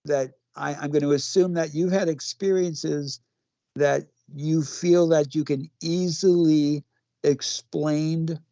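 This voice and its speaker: A man co-hosting a call-in show, asking questions in a measured, careful way. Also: fairly high pitch, vocal fry, warm tone, no echo, highs cut off. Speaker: co-host. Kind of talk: casual call-in chat.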